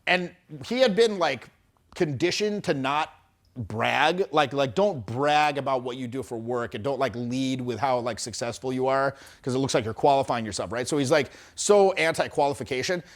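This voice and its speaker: A man's voice: medium pitch, moderate pace. A middle-aged man coaching on social skills in a loose, chatty storytelling style, acting out the people he quotes and often restarting his sentences. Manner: animated, acts out quoted people with shifting voices. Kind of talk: casual storytelling lesson.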